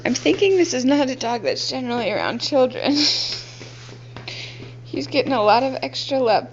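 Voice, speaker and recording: A young woman filming at home indoors, gently coaxing a toddler and laughing often. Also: high-pitched, sing-song, a little slow, dull audio. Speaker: parent filming her child. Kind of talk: casual home video.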